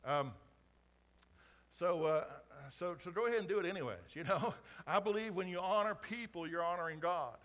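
Bright-voiced man preaching a sermon. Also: high voice, normal speed. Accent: slight Oklahoma twang. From Colorado. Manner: conversational preaching with rising emphatic peaks. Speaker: pastor.

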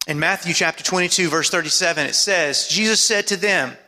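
A man preaching a sermon as pastor, calling out to the congregation for amens and dropping his voice low for emphasis. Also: a little fast, bright, forceful tone, big-room sound. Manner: preaching with call-and-response asides and dramatic drops in pitch.

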